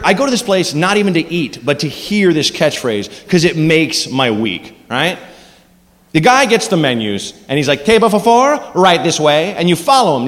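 A man doing an animated stand-up comedy set in a club, acting out silly voices. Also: on the high side. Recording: live club recording with hall reverb and noise. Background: audience laughter.

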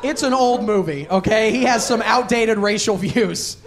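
A stand-up comedian telling jokes with deadpan setups and animated impressions. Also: mid-range voice, normal speed, over a noisy crowd. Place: comedy club stage.

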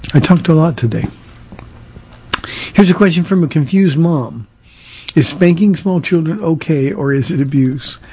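A man's voice: on the high side, mellow, husky. An older man, a pastor, answering listener questions on a radio show in a plainspoken way, with frequent "uh"s and repeated words. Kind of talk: radio Q&A sermon.

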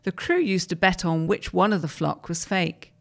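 Woman, lowish voice, steady reader. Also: moderate pace, creaky. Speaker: reader of articles. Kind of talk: reading newspaper articles aloud.

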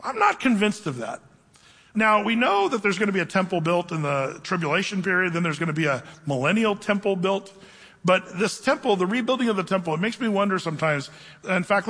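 A man delivers a lively, conversational sermon in a fairly high, bright voice. His words carry a long reverb from the hall around him, and he slows down deliberately when reading scripture. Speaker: pastor. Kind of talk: sermon Bible teaching.

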